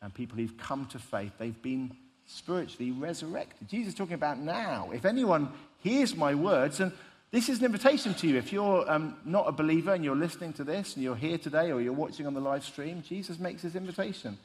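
A man's voice: on the high side, expressive, fast. A man preaching a sermon, telling stories in an emphatic, conversational way. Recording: long reverb of a large hall.

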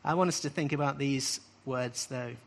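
A man's voice: mid-range voice, normal speed. A man teaching a sermon-style talk to a live group, emphatic and repetitive, often ending points with a rising question. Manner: emphatic, repeats key phrases with rising questions. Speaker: preacher teaching on scripture.

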